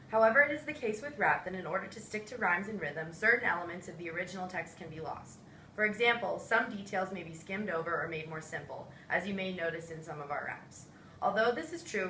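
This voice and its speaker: A woman's voice: lowish voice, bright, forceful tone. Young woman reading a class presentation. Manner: reads a prepared script steadily. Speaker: student presenter. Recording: roomy echo, distant mic, faint hiss.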